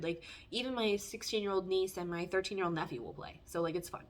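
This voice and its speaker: A woman's voice: medium pitch, quick pace, few pauses. A woman giving a casual spoken tarot reading, talking in a frank, blunt and heartfelt way. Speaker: tarot reader.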